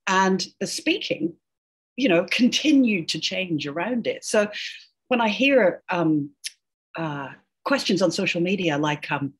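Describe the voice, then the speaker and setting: A woman's voice: fairly low pitch, sing-song, moderate pace, slightly rough. A middle-aged woman, an educational linguist, explaining as an interview guest in a chatty way, laughing often and tagging her points with "right?". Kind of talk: casual interview chat.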